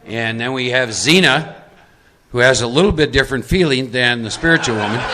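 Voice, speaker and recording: With a crowd audible behind him, a middle-aged Texan runs a live recovery workshop, speaking at normal speed in a mid-range voice. He guides volunteers from the audience into roles, stressing the main points emphatically through repetition.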